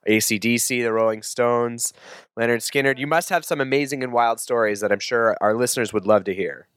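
Male podcast host, deadpan and politely prodding, mid-range voice, dry studio sound. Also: mid-range voice, a little fast, smooth, dry recording. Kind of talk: comedy interview.

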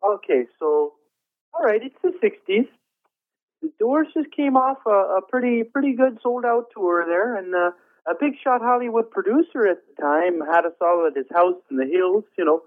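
Calling in as a guest, a man portrays a folksy, easily tickled old roadie from the rock world, chuckling through long, rambling stories that go nowhere, all for a comedy interview. His voice is high and expressive, with no echo. It comes over a tinny, dry phone line.

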